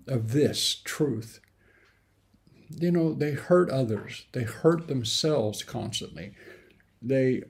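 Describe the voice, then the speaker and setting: A man preaching a sermon in an earnest way, with sudden emphatic rises and halting restarts. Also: medium pitch, dark tone. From grew up in the mountains.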